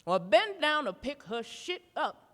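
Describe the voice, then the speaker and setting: Her pitch sits high and swings widely as this stand-up performer, speaking at normal speed, recreates a routine built on a profane tale. She drawls through rhythmic asides, and the art museum performance space leaves a long reverb tail.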